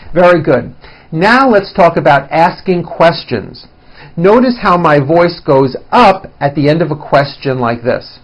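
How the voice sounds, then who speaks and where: Slow, deliberate male teacher. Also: a little high, poor audio. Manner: deliberate, exaggerated rises and falls for demonstration. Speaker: English teacher. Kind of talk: scripted pronunciation lesson.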